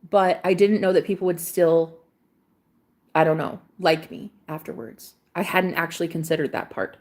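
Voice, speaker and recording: A woman's voice: on the low side, darkish tone. Blunt, swearing young woman livestreamer. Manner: blunt, swears freely, emotional. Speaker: livestream host. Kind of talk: casual livestream confession.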